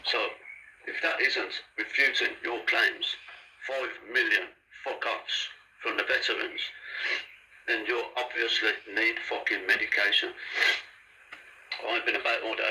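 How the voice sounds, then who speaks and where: A man giving blunt shout-outs and complaints in a casual, profane monologue. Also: mid-range voice, vocal fry, slight background noise, poor audio. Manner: blunt, swears freely. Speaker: vlogger.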